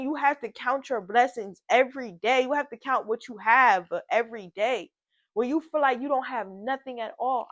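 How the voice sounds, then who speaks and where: A woman's voice: on the high side, a bit bright, dry recording, highs cut off. A woman vlogger giving an earnest motivational talk before reacting to a song, stacking repeated affirmations in casual slang.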